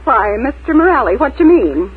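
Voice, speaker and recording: A woman's voice: sits high, very animated, moderate pace, husky, heavily acted. An actress playing a chatty, fussy country farm woman in a 1940s radio play. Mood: folksy. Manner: folksy, fussy. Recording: tinny old radio broadcast.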